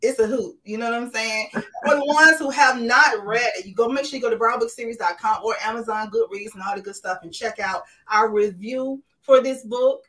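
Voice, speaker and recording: A woman hosting a casual livestream chat, loud and exuberant, greeting viewers with laughter over a video call. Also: a little high, a little fast, few pauses, distant mic, rough recording. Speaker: host.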